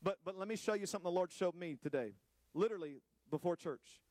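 A man preaching a sermon to his congregation, animated, with playful asides to the listeners and drawn-out words for emphasis. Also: high-pitched, no room sound. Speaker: pastor.

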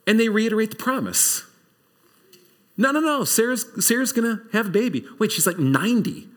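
A male pastor delivers a sermon as lively, conversational storytelling. His voice sits somewhat high and swings widely in pitch, dropping low for emphasis and climbing again. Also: normal speed.

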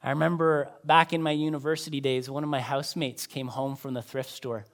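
A man, a pastor, preaching a sermon in a conversational way, with emphatic rises and quiet drops. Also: mid-range voice, little pitch movement, brisk.

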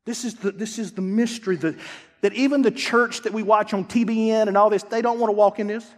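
A man pastor preaching a sermon, dropping to low asides and rising to shouts, acting out church members. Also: steady tone, fairly quick. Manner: acts out church members in quoted voices. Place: church sanctuary. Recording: long hall reverb.

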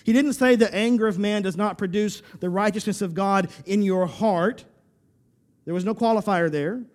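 A man's voice: sits high, normal speed. A man pastor preaching a sermon, emphatic and full of rhetorical questions, often repeating words as he restarts a phrase.

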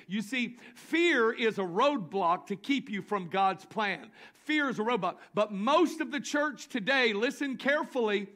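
Southern pastor, high bright tenor, preaches hard and builds to shouts. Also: male voice. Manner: builds to shouting, drawn-out emphatic lines. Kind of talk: sermon. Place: church sanctuary.

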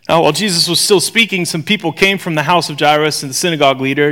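A man preaching a sermon in a conversational, joking way, swinging from loud to hushed whispers. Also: fairly high pitch, fairly quick, hardly any pauses. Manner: conversational, joking, acts out voices.

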